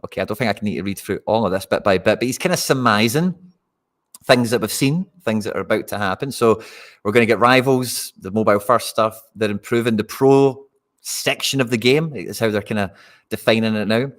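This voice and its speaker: A man's voice: lowish voice, brisk. Chatty Scottish man hosting a stream. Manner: chatty, addresses viewers directly. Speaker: host of a live fantasy football stream. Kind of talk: casual live-stream chat.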